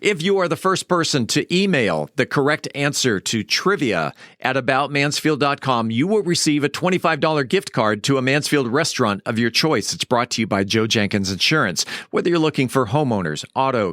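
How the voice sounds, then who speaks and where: A man hosting a local news podcast, with an upbeat, friendly announcer delivery. His voice sits at a middle pitch. The recording is close and dry. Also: fairly bright tone, dry recording. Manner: friendly, upbeat announcer reading sponsor copy. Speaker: podcast co-host.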